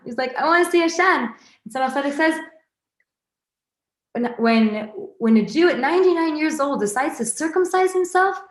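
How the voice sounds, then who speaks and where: A woman giving an informal Torah class, lively and conversational, often restarting her sentences and adding asides to her listeners. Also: a little high. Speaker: Torah teacher. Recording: roomy echoey recording.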